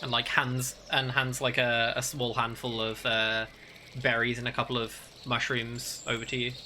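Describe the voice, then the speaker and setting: A man's voice: mid-range voice, flat delivery, normal speed, bright, forceful tone, slight background noise. A man narrating a tabletop game as game master, hesitant and full of fillers.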